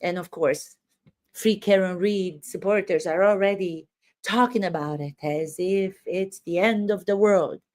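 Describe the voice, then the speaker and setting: A woman's voice: lowish voice, unhurried, a little mellow. A woman acting teacher commenting on court footage, stressing words emphatically as she talks.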